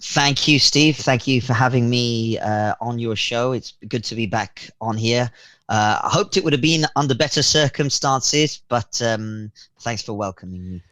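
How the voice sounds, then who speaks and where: A man, a guest accountant on a radio interview, explaining government schemes haltingly with many fillers and restarts. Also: mid-range voice, a bit bright, no echo.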